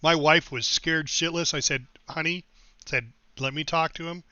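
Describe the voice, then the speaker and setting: A man's voice: fairly high pitch, fairly even intonation, normal speed, sharp tone, no echo, dull audio. A middle-aged man streaming a game, telling long personal stories in a casual, rambling way and thanking his followers. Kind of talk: casual storytelling while livestreaming.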